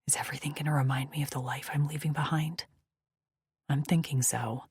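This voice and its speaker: A woman narrating a first-person romance audiobook in a hushed, breathy inner-monologue manner, close to the mic. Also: deep voice, fairly even intonation, fairly quick.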